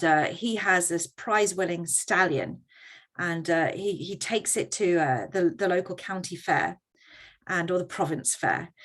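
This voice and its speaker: A woman's voice: medium pitch, fairly bright tone. A woman presenting a workshop in a conversational teaching style, often checking in with her audience.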